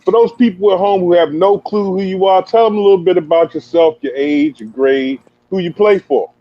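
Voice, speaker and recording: A man hosting a podcast in a hype, slangy, joking manner, his voice sitting a little high. The sound is dull and lo-fi, and very dry. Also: fairly quick, no echo. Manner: hype, slangy, playful banter. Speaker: podcast host interviewing a youth player. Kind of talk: casual podcast interview.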